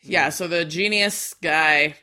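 High, very bright-voiced mocking man. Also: takes it slowly. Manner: dry, mocking narration. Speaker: podcast co-host. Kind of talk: casual movie recap chat.

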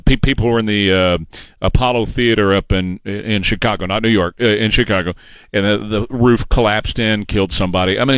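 A man's voice: lowish voice, a bit bright, no echo. A man hosting a talk radio news show, reading stories and giving sarcastic, opinionated commentary. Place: radio studio. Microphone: studio microphone.

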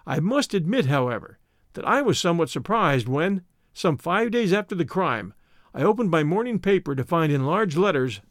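Reading a detective story aloud from a script, this man keeps a steady, measured storytelling pace in a slightly high voice. It's a dry, clean studio recording, as from an audiobook narrator.

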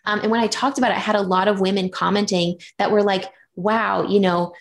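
A woman in her thirties talking openly in a casual conversation, chatty and animated when she retells things. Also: mid-range voice, a little fast, gravelly.

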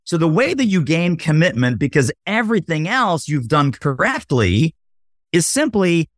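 A man appearing as a guest on a podcast, explaining sales with animated energy and acting out sample dialogue. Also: on the high side, normal speed, no echo, clean studio sound. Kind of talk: podcast interview.

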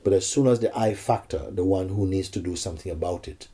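A man acting as a spiritual teacher, speaking slowly and reflectively, with many pauses, in a spiritual dialogue. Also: sits low, mellow, slightly rough.

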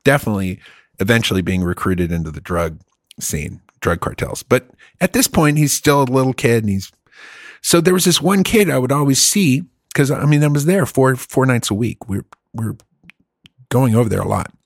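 A man's voice: medium pitch, expressive, normal speed, no echo, clean studio sound. A middle-aged man telling a long story in a casual chat, rambling, swearing and laughing often.

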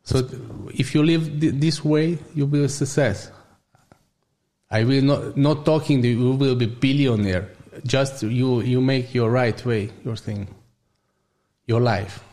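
A gym owner whose first language is Hungarian speaks English with a Hungarian accent as an interview guest, often halting and searching for words. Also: male voice, medium pitch, warm tone.

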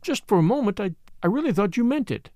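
A man's voice: high-pitched, wildly swooping pitch, moderate pace, no echo, studio quality, pitched above the performer's own voice, heavily acted. Man doing a nervous rich young woman. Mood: tense. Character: wealthy spoiled young American woman, nervous.

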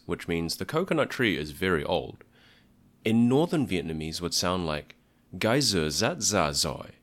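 A man hosting a podcast, explaining a language in a clear, methodical way with dry asides. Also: deep voice, dry recording. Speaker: podcast host teaching about a language.

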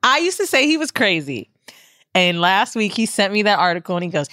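A woman's voice: medium pitch, big pitch swings, a little fast, sharp tone, no echo, clean studio sound. A woman co-hosting a casual podcast, telling stories profanely and mimicking voices. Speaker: podcast co-host. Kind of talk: casual chat.

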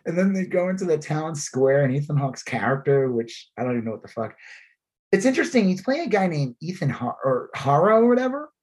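A man's voice: fairly high pitch, big pitch swings, a little fast, a little mellow. A man co-hosting a podcast in casual chat, rambling with many fillers and frequent laughs. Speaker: podcast co-host.

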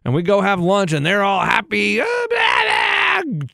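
Male podcast co-host, casual rambling storyteller, voice a bit high, dry studio sound. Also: moderate pace, gravelly, fairly bright tone, no room sound, raised voice. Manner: rambling storyteller, acts out others' lines. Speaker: radio show co-host. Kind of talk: casual chat.

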